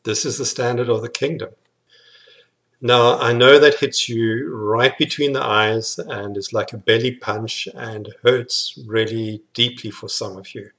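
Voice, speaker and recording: A man's voice: medium pitch, fairly even intonation, measured pace, a bit bright. A male preacher delivers a sermon in an earnest, urgent way. His voice sits in a middle register, and he leans on repeated words to drive his points home. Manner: earnest, repetitive emphatic phrasing.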